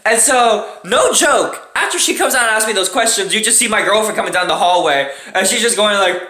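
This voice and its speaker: A man telling a story to the camera, quick and animated, with lots of swearing. His voice is bright and lively, and it jumps up and down in pitch. The room around him gives an echoey ring. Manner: fast, profane, animated storytelling. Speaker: vlog host. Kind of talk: casual storytime vlog.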